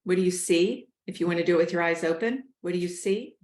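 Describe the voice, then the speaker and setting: A woman coaches listeners through a breathing exercise at a calm, steady pace. Her voice sits a little low. The recording has a roomy echo. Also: fast talker. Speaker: host, life coach. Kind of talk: guided breathing instruction.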